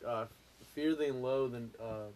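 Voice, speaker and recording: A man's voice: mid-range voice, unhurried, darkish tone, slight background noise. A young man in his twenties in a casual chat, blunt and profane, sometimes groping for words. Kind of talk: casual chat among friends.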